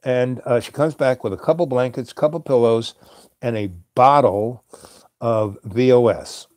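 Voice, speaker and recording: A man hosting a show, telling a meandering late-night story with many fillers and soft chuckles. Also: medium pitch, fairly even intonation, unhurried, dry recording, studio quality. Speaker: host.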